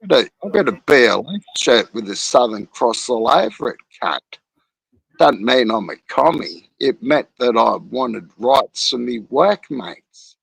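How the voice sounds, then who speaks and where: An angry Australian man with a gravelly, rough voice trades insults on a livestream. His sound is dry and close, with no room around it. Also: mid-range voice, lively intonation, unhurried, no room sound, rough recording. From Queensland, Australia. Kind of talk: heated livestream argument.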